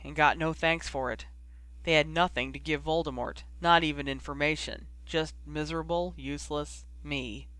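Bright-voiced man reading a story. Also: fairly high pitch, no room sound. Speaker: audiobook reader. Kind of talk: fan fiction audiobook narration.

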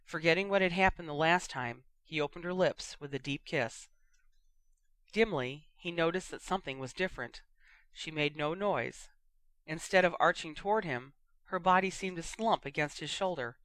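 An audiobook narrator giving a steady, expressive reading of a fiction story. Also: mid-range voice, moderate pace, no echo.

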